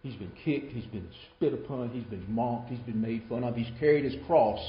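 A man delivers a sermon with dramatic storytelling, leaning hard on some lines and dropping to a near hush on others. The sound is muffled and roomy, like a live recording in a church hall. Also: mid-range voice, moderate pace. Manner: dramatic storytelling, swings between loud and hushed. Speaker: preacher.

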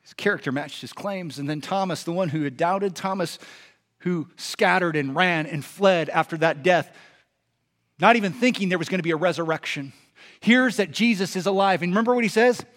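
High-voiced pastor preaching conversationally. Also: male voice, normal speed, fairly bright tone. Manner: conversational, emphatic, rhetorical questions. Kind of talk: sermon.

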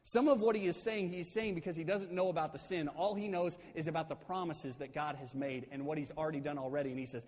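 A man's voice: on the high side, brisk, few pauses, darkish tone. Man preaching in a reverberant hall. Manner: conversational, asks the audience questions, repeats phrases. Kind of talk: sermon.

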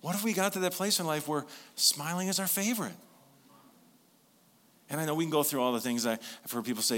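Male pastor with a bright, forward voice who preaches casually and animatedly, going hushed to make his key points. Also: a little high, a little fast, long pauses. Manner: conversational, animated storytelling, dropping soft for emphasis. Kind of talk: sermon.

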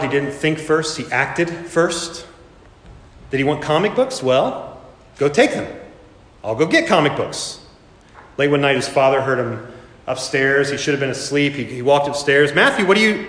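A man's voice: mid-range voice, fairly bright tone. A man preaching a sermon, telling a story with dramatic rises and voicing the characters in it. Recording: echoey hall, reverberant room.

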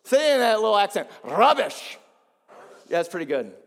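A man preaching a sermon as pastor, swinging between quiet, low passages and loud, emphatic ones. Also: sing-song, rapid-fire, long reverb tail.

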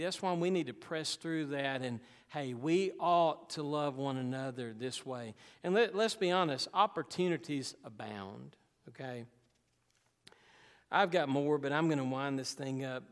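Male pastor, emphatic sermon voice with folksy asides, long church reverb. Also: on the high side. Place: church sanctuary.

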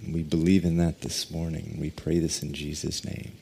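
A man preaching a sermon, reading scripture and praying with deliberate, drawn-out emphasis. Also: very deep voice, flat delivery, vocal fry, warm tone, husky. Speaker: pastor.

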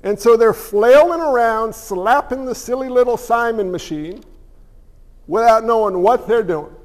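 A man preaching a sermon as pastor, animated and acting out little voices along the way. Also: extremely high pitch, a little slow, big-room sound.

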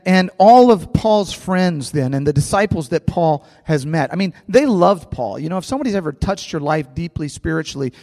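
Animated man preaching in a reverberant hall. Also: fairly high pitch. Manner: animated, repeats words, acts out scripture with a volunteer. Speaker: pastor. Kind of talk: sermon.

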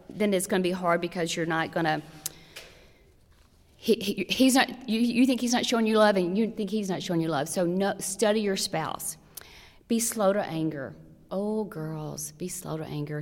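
A woman giving practical marriage advice to a church audience, earnest and direct, full of rhetorical questions. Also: fairly low pitch. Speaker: church women's speaker. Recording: long hall reverb.

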